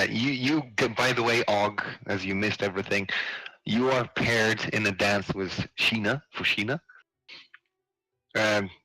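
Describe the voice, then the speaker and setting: A man narrates a tabletop role-playing game as its game master, halting and full of fillers. He talks slowly with a bright voice, recorded close and dry. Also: mid-range voice, no room sound, low-quality recording. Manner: hesitant, many fillers.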